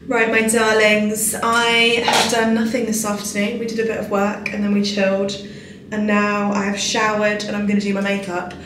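A woman's voice: mid-range voice, completely flat delivery, normal speed. A woman in her twenties, a lifestyle vlogger chatting casually to camera, bubbly and talkative with some casual swearing. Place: hotel room. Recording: roomy hotel room, slightly distant mic, faint noise.

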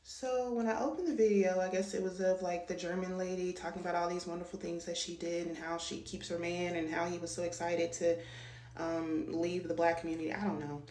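Female vlogger, sassy reaction commentary, slightly low voice. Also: fairly quick, reverberant. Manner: animated, sassy, mimics voices.

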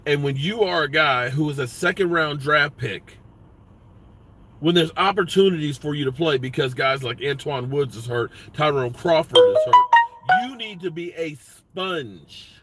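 A man's voice: on the high side, unhurried, over loud music. A man hosting a sports vlog, ranting bluntly with lots of profanity. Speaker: sports vlogger.

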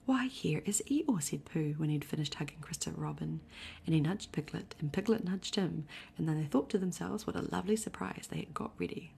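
A woman reading a bedtime story aloud in a soft, slow, whispery ASMR voice. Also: sits low, fairly even intonation, vocal fry, a little hiss or hum.

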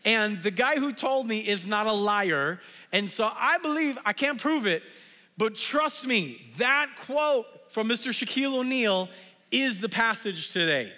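A young man preaches in a church, and his tone is high and lively. He tells a story casually and uses many fillers. His voice carries long reverb from a large hall. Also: measured pace. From Southern California. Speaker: pastor. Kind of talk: storytelling sermon. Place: church sanctuary.

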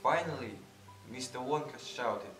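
A man playing an old bedridden grandfather in a school stage play, telling a story in a slow, unhurried way. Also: medium pitch, close to an everyday voice. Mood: warm storytelling. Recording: echoey hall, from far off, music behind.

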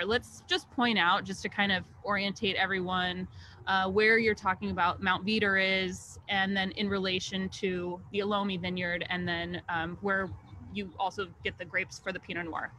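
A woman's voice: medium pitch, sharp tone, a little hiss or hum, rough recording. A woman hosting a wine tasting live stream, steering the talk toward the next wines.

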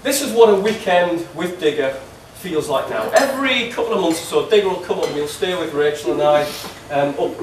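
A man giving a wedding speech, teasing and halting with many ums and restarts. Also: on the high side, expressive, slight background noise. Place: wedding reception hall. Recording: echoey hall, distant mic, laughing crowd. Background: guests laughing.

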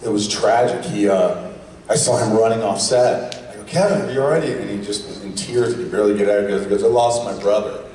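Hoarse man telling stories in echoey hall. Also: lowish voice, fast talker, slight background noise. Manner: joking, loud bursts of impressions. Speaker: actor on a convention panel. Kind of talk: animated storytelling to a fan audience. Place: large convention hall. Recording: distant, echoey convention hall.

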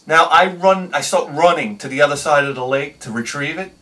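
A man telling a personal story on his video channel, excitable, swinging between loud bursts and quiet asides. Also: fairly high pitch, a little fast, far from the mic. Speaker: video host.

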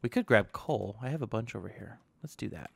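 A man's voice: lowish voice, lively intonation, brisk, vocal fry, slightly rough, no room sound. A young man hosting a gaming channel, talking casually to himself as he plays and tossing in jokey asides. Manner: chatty, self-talking, joking asides. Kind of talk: casual gameplay commentary.

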